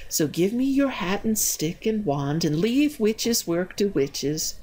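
A woman voicing a stern, knowing male black cat in a storybook, speaking low and firm. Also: very animated, slow pace, dark tone.

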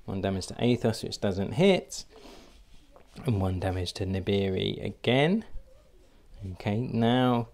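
A man with a low, gravelly voice talks slowly through his solo board game turns. He thinks aloud and pauses on fillers as he works out each move. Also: a little mellow.

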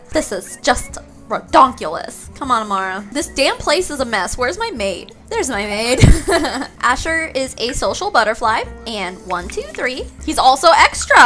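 A woman hosting a gaming channel, giving animated let's-play commentary and swearing and exclaiming at the game. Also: high-pitched, unhurried, faint music behind.

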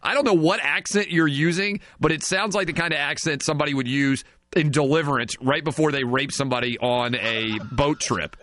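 A man's voice: on the high side, brisk, few pauses, fairly bright tone, slight background noise. A man hosting a sports talk radio show, riffing sarcastically and in mock outrage.

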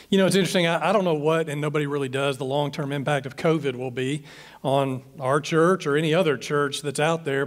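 A man's voice: a little high, long reverb tail. A man, a pastor giving an informal, rambling talk to church leaders and often restarting his phrases.

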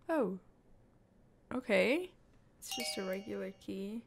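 A woman's voice: a little high, animated, measured pace, long pauses. A woman hosting a gaming channel, giving reactive let's play commentary, often apologizing to the game's characters and talking straight to them.

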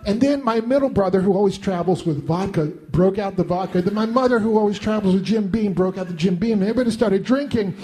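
A middle-aged man telling a self-deprecating comic monologue in an animated way. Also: sits high, fast talker, few pauses. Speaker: storyteller.

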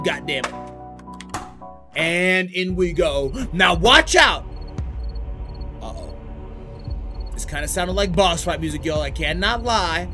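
A man doing let's play commentary on a horror game, crude and animated, breaking into startled shouts. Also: on the high side. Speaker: gaming YouTuber. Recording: game music playing behind.

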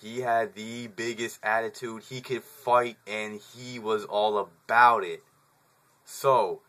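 Male, 20s, vlogger storyteller; bright, tense tone, casual profane slang. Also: medium pitch. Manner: profane, laid-back slang, chuckles through the telling.

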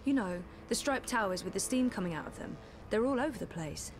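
A woman's voice: medium pitch, animated, brisk, noisy background, lightly acted. A woman voicing a wary young adventurer in a game, polite and hesitant.

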